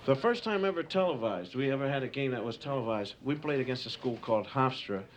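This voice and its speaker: Male stand-up comedian, loose rambling delivery, middle pitch, home-tape hiss. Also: lively intonation, quick pace. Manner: rambling, loose, lots of asides. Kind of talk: stand-up storytelling. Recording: hissy home tape recording.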